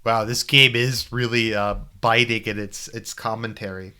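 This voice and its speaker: A man's voice: fairly low pitch, little pitch movement, moderate pace, few pauses, pushed and bright, smooth. A man streaming a game, trailing off into rambling, self-mocking asides about what voices to do. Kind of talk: casual gaming commentary.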